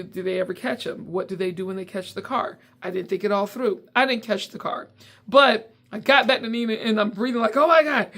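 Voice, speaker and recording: A young adult woman from South Carolina telling a casual story on her own podcast, acting out quotes with big jumps in pitch. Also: fairly bright tone. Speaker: podcast host and comedian. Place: at home.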